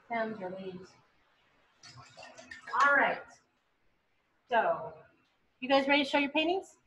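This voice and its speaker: A woman's voice: on the high side, animated, slow, bright, forceful tone, lo-fi sound, a little hiss or hum. A woman teaching an online painting class on a video call, chatty and encouraging. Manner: chatty, encouraging, bubbly when praising. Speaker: painting instructor.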